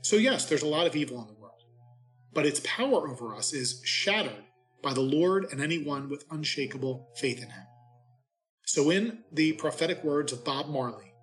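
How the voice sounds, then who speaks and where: A man reading the day's scripture and giving a short homily in a measured, reverent cadence, like a clergyman. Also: fairly high pitch, lively intonation, a bit bright, rough recording.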